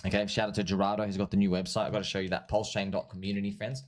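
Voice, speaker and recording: A man hosting a casual livestream, talking through crypto price charts in an excitable, repetitive way and often calling his audience friends. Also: fairly low pitch, rapid-fire. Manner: laughs at his own points. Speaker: livestream host and crypto trader.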